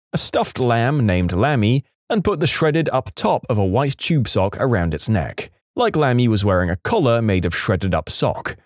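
A man reading submitted Reddit stories in an animated storytelling voice that swings widely in pitch. His voice sits at an ordinary middle pitch. The sound is close and dry, with no room around it. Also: no echo. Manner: lively storyteller, acts out quoted lines. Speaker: story narrator.

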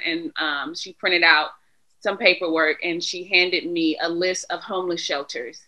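A woman guest tells a personal story in casual conversation. Her voice sits a little low and has a bright, forceful edge. She acts out the dialogue vividly as she goes. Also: normal speed, rough recording. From Philadelphia area. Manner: candid, animated retelling with quoted dialogue. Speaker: podcast guest.

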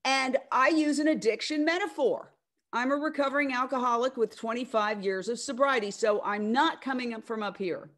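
A middle-aged woman speaking on a video call, loud, animated and emphatic, with a rousing tone. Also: fairly high pitch, normal speed. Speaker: media network founder speaking at an online event. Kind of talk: casual speech on a video call.

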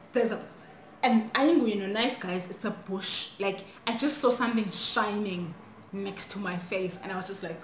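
Animated woman storyteller. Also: medium pitch, normal speed. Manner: animated, switching languages mid-sentence. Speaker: vlogger. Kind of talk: storytime vlog. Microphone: phone camera. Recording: echoey room, faint noise.

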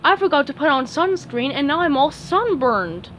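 A woman's voice: sits high, big pitch swings, moderate pace, a bit bright, slight background noise, voice pushed up, rough recording. A woman voicing a glum young girl at the beach in a storybook reading, complaining.

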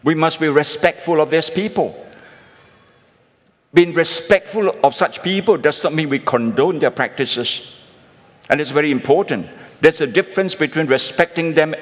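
A man preaching a sermon as pastor, calling his listeners friends and closing points with tag questions. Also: a little high. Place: church sanctuary. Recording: long reverb of a large church hall.

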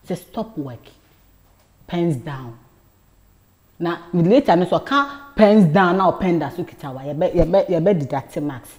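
A woman guest on a talk show, telling a personal story in an animated way and dropping to a hush at times. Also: low-pitched. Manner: animated storyteller, drops to a hush for quoted lines.

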